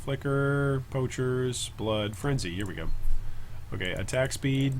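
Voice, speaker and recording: A man's voice: mid-range voice, unhurried, slight background noise. A man streaming a video game live, thinking aloud in a rambling, casual way and chatting with viewers between moves. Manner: thinks aloud, rambling self-talk with chat asides.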